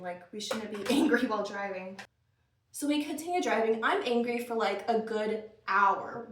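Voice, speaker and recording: A young woman vlogger telling a spooky story in a casual get-ready-with-me chat, animated and full of "like" fillers. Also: medium pitch, distant mic. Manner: animated, chatty, lots of "like" fillers. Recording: roomy echo, a bit off-mic.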